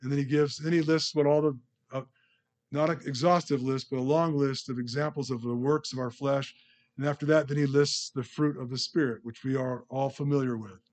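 A man's voice: mid-range voice, darkish tone. A man preaching a sermon in a conversational, storytelling way, closing with a prayer. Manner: conversational, storytelling, restarts phrases. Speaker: pastor.

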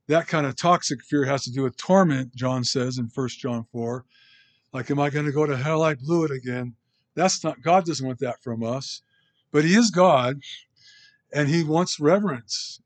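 A man leading a Bible study, reading scripture aloud and explaining it informally, with rhetorical questions to the group. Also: on the high side. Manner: reads scripture aloud between comments. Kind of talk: conversational Bible teaching.

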